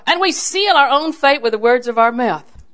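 A woman delivering a sermon with a somewhat high voice. She moves between teaching and homely stories, asking her listeners questions as she goes and laughing readily. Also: animated, moderate pace, a bit bright. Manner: chatty storytelling, asks the audience questions, often laughs. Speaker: preacher. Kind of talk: sermon with humorous anecdotes.

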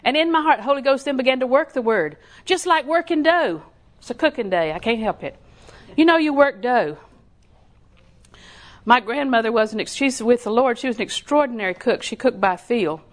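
A woman preacher with a voice on the high side, speaking at normal speed, delivers a conversational sermon. She's an animated storyteller, sharing homespun tales with laughing asides, acting out other people's voices and dropping to whispers for emphasis.

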